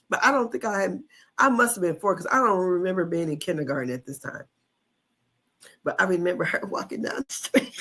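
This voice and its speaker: A woman in her fifties telling a childhood story in a casual monologue, animated, with slang, cursing and frequent laughter. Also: a little high. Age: 50s. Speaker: online commentator.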